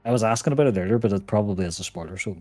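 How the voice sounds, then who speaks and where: A young man hosting a casual co-op gaming stream, laid-back and quick to laugh while keeping up with his chat. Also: on the low side, warm tone, no echo, soft background music. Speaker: streamer and host.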